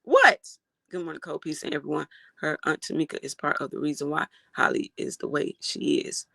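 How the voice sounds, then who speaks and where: Gravelly, outraged livestream host. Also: mid-range voice, a little fast, no room sound. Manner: animated, outraged, swears freely. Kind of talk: livestream reaction commentary, reading chat.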